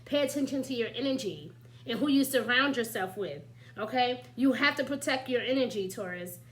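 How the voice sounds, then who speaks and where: Bright, high-voiced chatty woman reader. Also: brisk, rough recording. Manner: chatty, animated, with frequent "you know" and "right?"; laughs lightly while talking. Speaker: astrology and tarot reader. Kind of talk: casual spiritual advice monologue.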